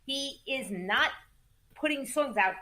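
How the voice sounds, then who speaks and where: A woman guest in a casual interview, telling music business stories in an animated, emphatic way, repeating words for stress and cursing casually. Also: high-pitched, takes it slowly. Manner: acts out quoted voices in lively storytelling. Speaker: music manager and entertainment attorney, guest.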